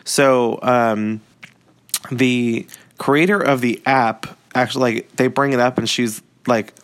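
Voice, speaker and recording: A man's voice: medium pitch, steady tone, slow pace, fairly bright tone. A man talking casually about a book he is reading, rambling with lots of fillers and short laughs. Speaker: book reviewer.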